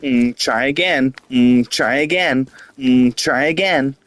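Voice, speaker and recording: A man imitating SpongeBob, a cheerful cartoon sea sponge, in a slow sing-song voice. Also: medium pitch, fairly bright tone, dry recording, pitched above the performer's own voice.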